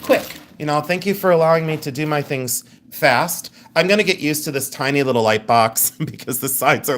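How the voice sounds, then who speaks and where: A woman hosting a live jewelry sale stream, chatting in a rambling way and thinking out loud as she shows each piece. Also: deep voice, lively intonation, normal speed. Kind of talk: live sales stream chat.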